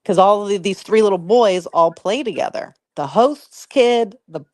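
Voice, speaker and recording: A woman co-hosts a commentary podcast, recounting an online drama in a chatty, profane style packed with "like." Her voice is mid-range and somewhat dark, at a moderate pace, recorded cleanly in a studio with no echo.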